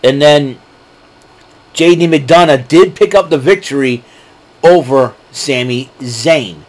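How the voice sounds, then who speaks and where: Slow and slightly high, with a darkish tone, a man hosts a wrestling show recap. He talks alone in a casual, rambling way, with fillers and chuckles at his own jokes.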